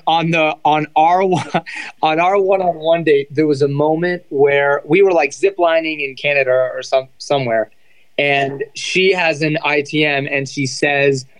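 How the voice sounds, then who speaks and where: A man in his thirties tells stories as a guest on a casual show. His voice sits a little high, and his delivery is animated and loose. He keeps slipping into quoted voices and fillers. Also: normal speed, clean tone, low-quality recording. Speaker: podcast guest, former reality dating show contestant. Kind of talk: casual storytelling chat.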